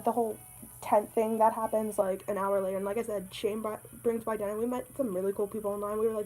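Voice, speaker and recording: A woman's voice: a little high, darkish tone, poor audio. A young woman telling a story in a casual vlog, rambling, swearing and joking at her own expense. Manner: rambling, swears a lot, self-deprecating. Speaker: vlogger.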